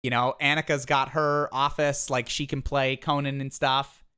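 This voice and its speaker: A streamer with a smooth, resonant voice, talking in a casual live-stream manner. The delivery rambles, full of restarts and animated little asides. The talk comes from a home office setup. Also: medium pitch, normal speed.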